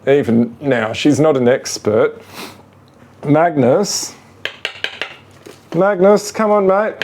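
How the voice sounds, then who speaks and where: In a relaxed how-to demo, a man with a mid-range voice shows how he trains his ferrets, gentle, patient and coaxing toward the animals. He rambles a bit, dropping fillers such as "you know" and "sort of."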